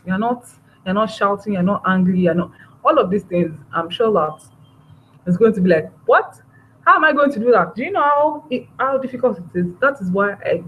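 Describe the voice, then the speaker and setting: Woman, parenting trainer, lively, acts out voices, mid pitch, faint background noise. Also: poor audio.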